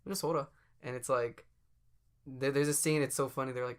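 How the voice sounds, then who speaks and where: A podcast co-host chatting casually, with a medium-pitched voice. The speaker giggles often and speeds up when excited. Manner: giggly, bursts into quick improv voices. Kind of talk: casual chat.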